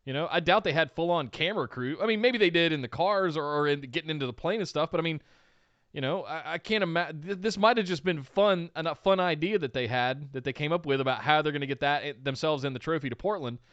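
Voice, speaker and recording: Male co-host, slightly high voice, opinionated, on a muffled dry mic. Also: quick pace, no room sound. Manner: opinionated, gushes loudly when excited. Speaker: podcast co-host. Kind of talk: casual wrestling podcast chat. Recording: dull lo-fi podcast audio, dry.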